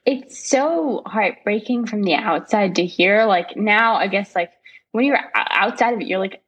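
A woman's voice: medium pitch, a little slow, fairly bright tone, husky. A young woman in her twenties talking reflectively in a casual podcast chat, hesitant and full of fillers.

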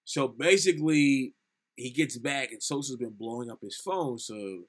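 A man's voice: medium pitch, moderate pace. A young man co-hosting a casual film review podcast, animatedly retelling scenes and acting out lines. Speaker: podcast co-host.

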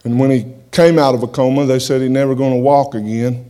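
A man gives his testimony to a congregation in a plain, folksy way. His voice is dark and mellow, and he sits at a middle pitch for a man. He often restarts and repeats words as he goes. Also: little pitch movement, brisk. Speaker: preacher giving his testimony.

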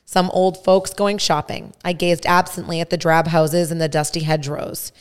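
A woman podcast host reading a first-person story aloud in a measured way. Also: on the low side, flat delivery, clear, resonant tone.

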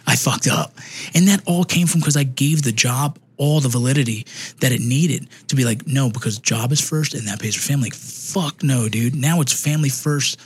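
A man's voice: mid-range voice, brisk, a little mellow, slightly rough. A man in his thirties, a military veteran, telling blunt, profane stories in casual chat. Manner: profane, blunt, emphatic storytelling. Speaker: veteran podcast guest.

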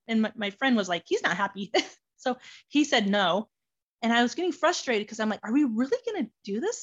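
Woman telling a personal story, lo-fi sound. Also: mid-range voice. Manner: animated, many fillers such as "like". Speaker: adoptee guest sharing her story.

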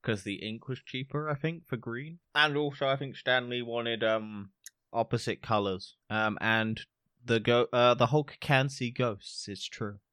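A man's voice: medium pitch, steady tone, a bit bright, clear, resonant tone, no room sound, studio quality. A man co-hosting a podcast, playfully reading out quiz questions and silly answer choices. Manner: playful, jokey, reads options with comic pauses. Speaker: podcast co-host, quizmaster.

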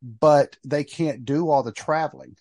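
A man's voice: fairly high pitch, a little slow, a little mellow, no echo. Rambling male podcast host, dry sound. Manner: rambling, fillers, trailing off. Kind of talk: casual chat.

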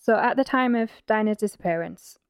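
A woman tells a true-crime story on a podcast, dropping in blunt, teasing asides. Her pitch sits in the middle range. The recording is dry and close. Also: brisk, creaky, clean tone, no room sound. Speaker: podcast host.

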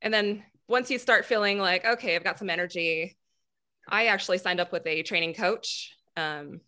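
Bright-voiced woman, candid podcast guest. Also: fairly low pitch, moderate pace. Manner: candid, laughs often. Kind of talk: casual chat.

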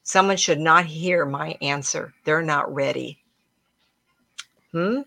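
Middle-aged woman, spiritual talk host; low, gravelly, dry-miked; chatty and emphatic storyteller. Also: slow, pushed and bright, no echo. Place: room at home with plants.

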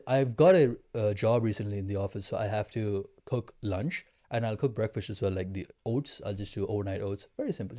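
A man's voice: fairly low pitch, mellow. A man in his twenties, a podcast guest, talking in an intense, emphatic, slangy way. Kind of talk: casual chat.

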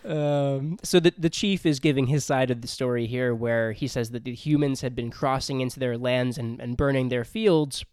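Smooth-voiced man chatting casually. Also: mid-range voice, moderate pace, few pauses, no room sound. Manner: animated, laughs often while describing. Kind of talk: casual book discussion.

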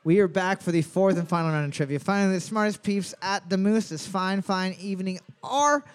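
A man's voice: high voice, fairly quick, clean tone. A young man hosting a bar trivia night, reading out questions and trading crude jokes with his co-host. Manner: joking, animated, swears casually.

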